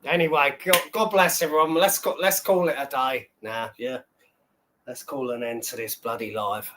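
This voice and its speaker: Chatting casually on his own live stream, this man wanders through stories, curses often and laughs as he goes. His medium-pitched voice is steady and a bit bright, at a moderate pace, with slight background noise.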